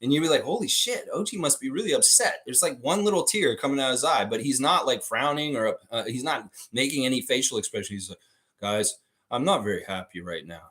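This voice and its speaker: Speaking fast and expressively with hardly any pauses, this man has a medium-pitched, somewhat bright voice. On his casual livestream he curses and argues bluntly with the chat.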